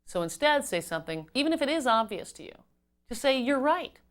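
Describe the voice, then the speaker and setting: A woman giving an instructional talk on customer service as a trainer, measured and explanatory, stressing key words. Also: on the high side, big pitch swings.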